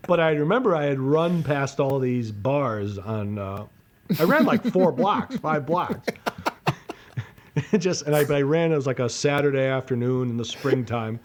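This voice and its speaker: A man's voice: mid-range voice, animated, measured pace, slight background noise. A man co-hosting a podcast, telling a rambling, profane story in casual chat and laughing at himself. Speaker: podcast co-host.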